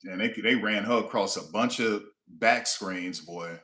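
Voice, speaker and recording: A man hosting a live watch-along stream, reacting to the game with animated, slangy outbursts. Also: lowish voice, unhurried, roomy sound. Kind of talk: excitable live reaction commentary.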